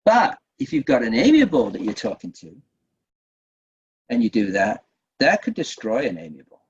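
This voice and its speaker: A man running a communication-skills webinar, talking in a lively way, repeating himself and checking in with "right?". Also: medium pitch, moderate pace, a little hiss or hum. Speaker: workshop trainer. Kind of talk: webinar teaching. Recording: dull lo-fi webinar audio.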